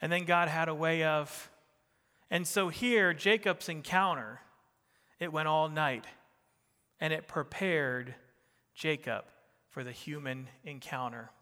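A middle-aged man with a New Jersey accent preaching a sermon, swinging between emphatic rising bursts and soft, quiet drops. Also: fairly high pitch, slow, pauses often, long reverb tail. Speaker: pastor.

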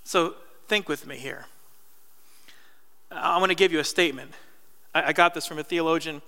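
Bright, crisp-voiced preacher man in a reverberant hall. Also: a little high, normal speed. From New Jersey. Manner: conversational storytelling with asides to the congregation. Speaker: pastor. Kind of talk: sermon. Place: church hall.

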